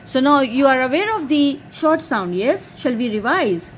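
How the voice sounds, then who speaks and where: A woman's voice: high voice, sing-song, moderate pace, a little hiss or hum. A woman drilling her young child on phonics, patiently spelling out letters one by one and praising each answer.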